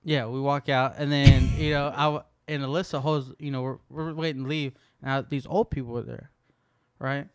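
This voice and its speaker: A woman's voice: a bass voice, steady tone, normal speed, noisy background. A young woman co-hosting a podcast, telling stories in loose, casual chat full of swearing. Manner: loose, profane storytelling. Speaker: podcast co-host.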